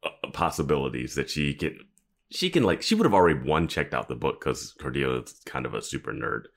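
A man co-hosting a podcast, giving wry, animated commentary in casual chat. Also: extremely low pitch, brisk. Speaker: podcast co-host.

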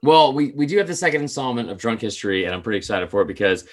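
A man's voice: medium pitch, animated, very fast. A man co-hosting a casual podcast, telling a story in a rambling way, with lots of filler words and casual swearing. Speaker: podcast co-host.

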